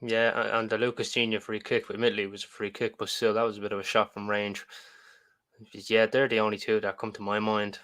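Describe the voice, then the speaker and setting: A man's voice: fairly low pitch, level tone, brisk, fairly bright tone. A man co-hosting a football podcast, chatting and stammering at the starts of sentences. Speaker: podcast co-host. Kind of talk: casual football podcast chat.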